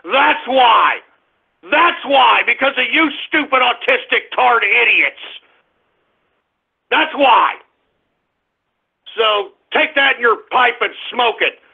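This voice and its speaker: A man hosts a call-in radio comedy show in a squeaky, cartoonish voice with a husky edge. He rants, shouts and insults his callers. The sound is thin and tinny, as if over a phone line. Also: slow, pauses often. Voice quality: cartoonishly high and strained.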